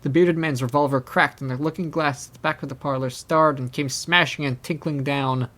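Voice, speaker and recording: A man in his twenties reading a classic novel aloud in steady, measured narration. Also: on the high side. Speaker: audiobook narrator. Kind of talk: scripted narration.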